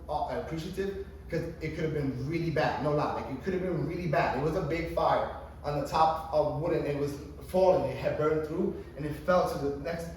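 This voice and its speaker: A man's voice: on the high side, a little mellow. A man in his thirties doing a stand-up comedy routine at a coffee shop open mic, rambling through his story with lots of fillers and swearing. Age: 30s. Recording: echoey distant room recording with ambient noise.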